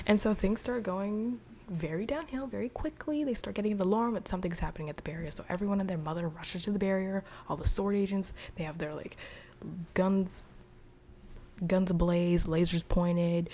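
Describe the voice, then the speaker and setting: A woman giving a casual, chatty recap of a TV episode, animated and full of slang. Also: lowish voice. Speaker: TV show reviewer.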